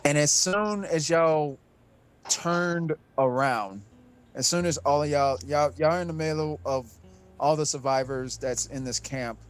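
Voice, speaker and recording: A man's voice: a little high, a little slow, clean tone, low-quality recording. A man narrating a tabletop game as game master, casual and often repeating himself.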